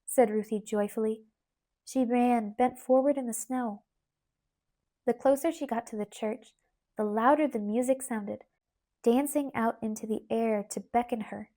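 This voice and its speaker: Mellow woman reading a storybook. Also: a little high, measured pace. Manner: expressive, lilting reading. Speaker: audiobook narrator. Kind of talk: storybook narration.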